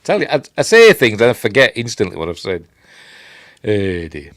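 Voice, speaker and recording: Hosting a late-night live stream from home, an older man with a Yorkshire accent rambles, jokes at his own expense and reads viewer comments. His fairly low voice is very animated and a bit bright, at a moderate pace. There's no echo, and the sound is studio quality.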